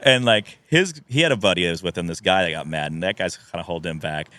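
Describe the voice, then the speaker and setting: A man's voice: low voice, fast talker, pushed and bright, no echo. A man in his thirties telling a long personal story on a podcast, acting out quotes and laughing often. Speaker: podcast guest. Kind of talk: casual storytelling. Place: podcast studio.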